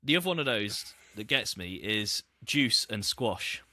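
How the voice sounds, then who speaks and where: A man's voice: fairly low pitch, expressive, measured pace, bright, forceful tone, no room sound, studio quality. A man with a Leicester accent, co-hosting a podcast in casual chat and wandering off into asides. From Leicester area, England. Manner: chatty, meandering, trails off into asides. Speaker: podcast co-host.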